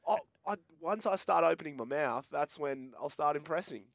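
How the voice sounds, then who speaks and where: A man's voice: fairly high pitch, expressive, normal speed, creaky, no room sound, studio quality. A man with an Australian accent on a radio show, easygoing and stubborn in banter. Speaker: radio co-host.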